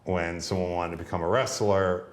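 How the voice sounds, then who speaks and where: Deep-voiced man telling stories. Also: moderate pace. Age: 30s. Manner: rambling, relaxed, frequent fillers. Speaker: guest, pro wrestler. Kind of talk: casual interview storytelling.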